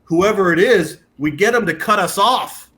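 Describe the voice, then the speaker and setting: A middle-aged man from Canada, a guest on a podcast, telling stories in lively casual chat and swearing casually. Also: sits high, normal speed. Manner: animated storyteller, swears casually, puts on voices. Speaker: guest, former pro football kicker.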